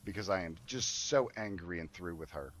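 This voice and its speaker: A man's voice: sits low, moderate pace. A man telling a story in a casual way while gaming. He swears a lot and acts out the people in his story. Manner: animated, profane, acts out quoted dialogue.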